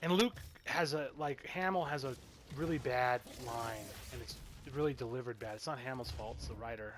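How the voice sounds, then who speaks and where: A man's voice: medium pitch, normal speed, a little hiss or hum. Rambling, exasperated man reviewing a film. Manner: rambling, exasperated, swears freely. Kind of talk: casual spoken movie review.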